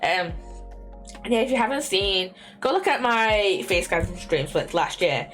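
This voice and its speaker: A young woman chats casually on a stream from her bedroom, her medium-pitched voice animated, a touch slow, and slightly bright. She rambles with plenty of fillers, restarts and small laughs while faint lo-fi music plays behind her.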